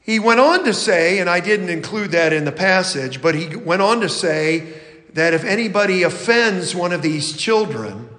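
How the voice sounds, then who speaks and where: Male pastor, sermon, high voice, slow deliberate delivery, long church reverb. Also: animated, fairly bright tone. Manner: slow, deliberate scripture reading.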